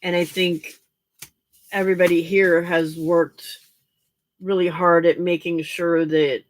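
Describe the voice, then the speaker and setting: A woman hosts a late-night crafting livestream. She sounds tired and keeps yawning, and she talks slowly in a relaxed, chatty way, greeting viewers by name as she works. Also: fairly low pitch, slight background noise. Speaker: livestream host.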